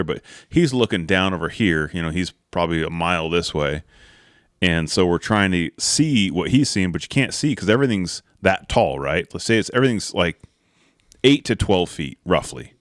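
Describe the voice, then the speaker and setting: A man's voice: deep voice, animated, normal speed, no room sound, clean studio sound. A man hosting a podcast, telling a hunting story in a casual, rambling way, full of "like" and "right?" and acting out the people in it. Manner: rambling, with many "like" and "right?" fillers; acts out the people in his stories. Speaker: podcast host.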